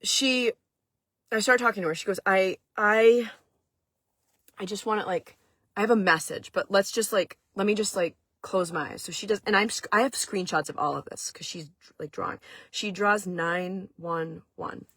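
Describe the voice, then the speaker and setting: A woman from Maine tells a long personal story straight to camera, her voice a little husky. She talks casually with plenty of fillers. The sound is dry and close. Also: medium pitch, normal speed, fairly bright tone, dry recording. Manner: chatty, lots of "like" fillers. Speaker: vlog host.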